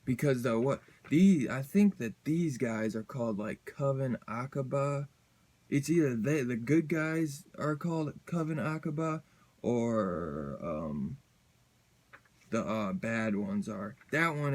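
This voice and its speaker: Man, comic reviewer, casual rant, rambling, fillers, slang, middle pitch. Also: darkish tone.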